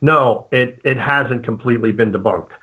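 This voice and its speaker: A male guest paranormal investigator in a casual interview, speaking haltingly with many fillers and restarts. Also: mid-range voice. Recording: phone-like narrow sound.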